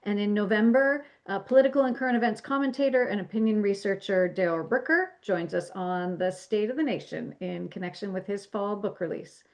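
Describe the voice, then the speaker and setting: A woman's voice: medium pitch, brisk, hardly any pauses. A woman who hosts and moderates a webinar, thanking the guest and the audience politely and graciously. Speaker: webinar host.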